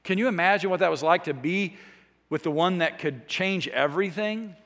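Earnest pastor with a high voice. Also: male voice, moderate pace, a bit bright, big-room sound. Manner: earnest, conversational preaching with small restarts. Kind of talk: sermon.

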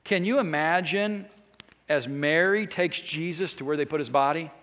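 A high-voiced pastor preaches earnestly and talks plainly to his listeners, now and then restarting a phrase. His voice rings with a long reverb, as in a big hall. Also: moderate pace, fairly bright tone. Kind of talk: sermon.

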